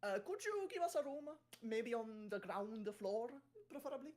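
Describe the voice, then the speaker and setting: A woman voicing a wealthy male crime boss in a tabletop game, speaking calmly with many hesitant fillers. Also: fairly high pitch, moderate pace, pitched above the performer's own voice.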